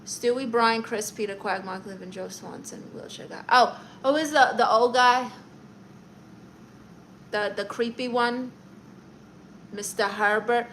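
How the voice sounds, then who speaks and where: A woman's voice: on the high side, a little slow, pauses often, fairly bright tone, a little hiss or hum, rough recording. A woman hosting a casual livestream, reading viewer comments aloud in a chatty, playful way and laughing at herself. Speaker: livestream host.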